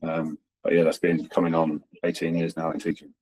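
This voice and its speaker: A man in his forties from the London suburbs, speaking as an interview guest in a halting way, repeating words and restarting. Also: very deep voice, monotone, a little mellow, low-quality recording. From suburbs of London, England. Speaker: guest, PE teacher. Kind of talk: casual interview chat.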